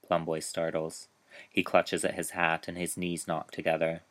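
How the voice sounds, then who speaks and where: A man with a very low, even voice reads a grim story aloud. He takes it slowly and keeps the telling measured, with little rise and fall. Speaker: author reading his story. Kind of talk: narrated story reading.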